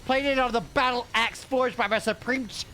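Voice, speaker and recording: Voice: medium pitch, steady tone, moderate pace, sharp tone, slight background noise, pitched above the performer's own voice, lightly acted. A player voicing a pompous cooking student with a comical German accent, boasting in a haughty way. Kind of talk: improvised tabletop role-play.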